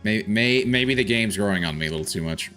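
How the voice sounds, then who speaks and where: A man's voice: on the low side, animated, brisk, a bit bright, soft background music. A man streaming a video game, chatting casually and thinking aloud with frequent restarts and filler. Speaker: gaming streamer. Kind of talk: casual live gameplay commentary.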